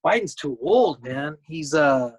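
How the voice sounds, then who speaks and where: A young man co-hosting a podcast in casual chat, easygoing and quick to laugh, explaining his points at length. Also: fairly high pitch, lively intonation, husky, rough recording. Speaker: podcast co-host.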